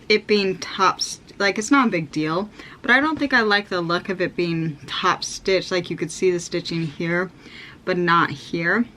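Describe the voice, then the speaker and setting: A woman's voice: fairly low pitch, unhurried, bright, forceful tone, slight background noise. An American woman in her thirties explaining a sewing project in a chatty, upbeat way, full of ums and likes. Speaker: sewing vlogger. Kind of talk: casual how-to chat.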